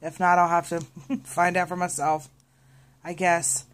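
A woman's voice: fairly low pitch, a little slow. A woman chatting casually to viewers in a craft vlog, rambling with many fillers and restarts. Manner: animated when retelling a scene. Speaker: craft vlogger.

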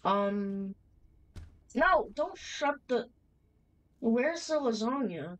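Playing a horror game, a young woman chats nervously through casual let's-play commentary, reacting out loud in slang. Her voice is on the high side and expressive, her pace very slow, and the recording sounds muffled.

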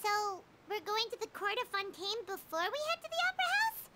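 A tiny, squeaky, chirpy companion creature. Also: female voice, very animated, brisk, heavy background noise. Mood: excited. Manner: eager, chatty, refers to itself in third person. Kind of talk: video game voice acting.

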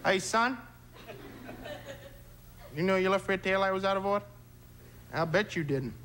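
A man's voice: sits high, measured pace. A man doing a smug traffic cop. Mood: condescending. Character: gum-chewing, self-important male traffic cop.

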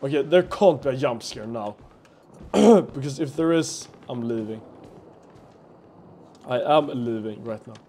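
A man's voice: medium pitch, animated, unhurried, long pauses, dark tone, a little hiss or hum. A man playing a horror game for a let's play, talking to himself in a jumpy, nervous way, swearing and laughing nervously.

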